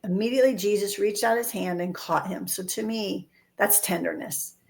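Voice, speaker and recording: A woman's voice: mid-range voice, normal speed, gravelly. A woman co-hosting a faith podcast, talking earnestly and acting out quoted voices in casual discussion. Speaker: podcast co-host.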